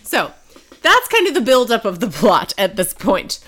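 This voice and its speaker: A woman's voice: on the high side, wildly swooping pitch, moderate pace, fairly bright tone, slightly rough. Giggly, rambling woman podcast host. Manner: giggly, rambling, lots of fillers. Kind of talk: casual chat.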